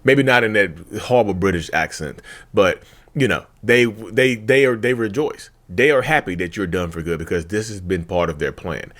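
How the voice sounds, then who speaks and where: Man, deep voice, very lively pitch, casual video host, handheld mic, colloquial, repeats himself. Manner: animated and colloquial, repeats phrases, folksy asides. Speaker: YouTube host talking about narcissism. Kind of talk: casual direct-to-camera talk. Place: seated at home in front of a tripod camera.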